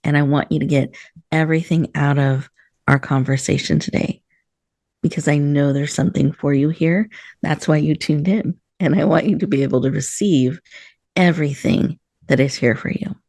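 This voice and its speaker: Gentle woman guiding a breathing meditation. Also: low voice, fairly even intonation, no room sound. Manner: gentle, soothing, slow guiding cadence. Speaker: host.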